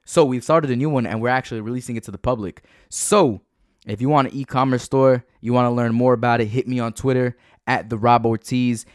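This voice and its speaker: A man hosting a motivational podcast, energetic and hyped, urging listeners to repeat affirmations after him. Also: medium pitch, a little fast, no room sound, studio quality. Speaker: podcast host. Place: home.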